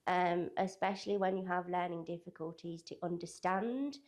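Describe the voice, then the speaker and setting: A woman's voice: fairly low pitch, steady tone, moderate pace, darkish tone. A young woman working as a digital communications apprentice at a college, answering interview questions in a loose, hedging way full of "kind of" and "sort of".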